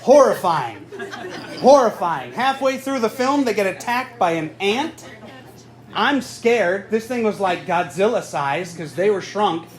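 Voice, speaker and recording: High-voiced male stand-up comedian. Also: moderate pace, few pauses. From Southern California. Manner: deadpan, self-mocking delivery. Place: live comedy venue with audience. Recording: noisy live room ambience. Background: audience laughter.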